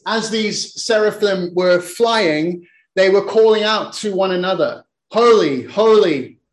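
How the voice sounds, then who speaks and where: A man with a high voice preaches in a reverberant space, retelling a scripture story. He frequently repeats words as he goes and delivers quoted lines dramatically.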